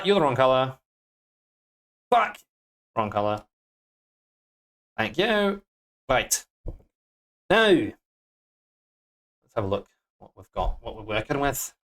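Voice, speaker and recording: Putting on a Scottish accent, a man live-streams himself coding a game, muttering to himself, swearing, and bursting into sudden excited outbursts. His voice is mid-range.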